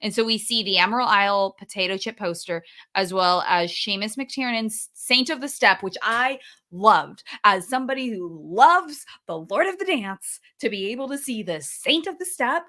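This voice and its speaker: A young woman with a bright voice at an average pitch, chatting as a podcast co-host. She is enthusiastic and laughs often while she talks. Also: expressive, normal speed. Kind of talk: casual chat.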